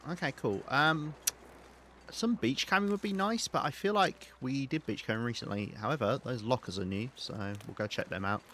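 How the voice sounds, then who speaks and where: A man streaming a survival game live, chatting loosely and thinking out loud as he plays. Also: mid-range voice, moderate pace, a little hiss or hum. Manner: chatty, rambling, thinks aloud while playing. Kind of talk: live-streamed let's play commentary.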